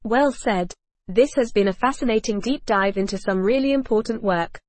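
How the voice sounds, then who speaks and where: A woman's voice: fairly high pitch, moderate pace, no room sound. A woman hosting a scripted podcast discussion in a polished, evenly read delivery. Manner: polished, evenly read, reads cue notes aloud. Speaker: podcast host.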